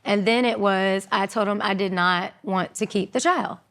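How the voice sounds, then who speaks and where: Woman in her thirties, interview guest, candid storytelling, animated, mid-pitched voice. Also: normal speed. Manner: animated, acts out quotes with high voices.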